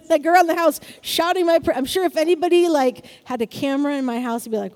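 A woman's voice: high-pitched, brisk, a little mellow, in a large hall. A woman preaching a sermon in an upbeat way, often asking the congregation "Amen?".

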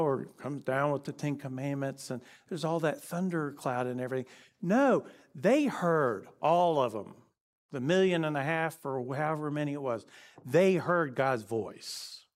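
Male preacher, slightly high voice, animated storytelling sermon, swings from lively to hushed.

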